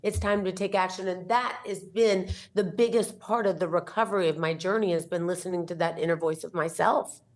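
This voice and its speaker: A woman author speaks as a podcast guest. Her voice sits somewhat low. She talks in an earnest, reflective, motivational way. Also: fairly even intonation, fairly quick, hardly any pauses. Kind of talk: heartfelt interview conversation.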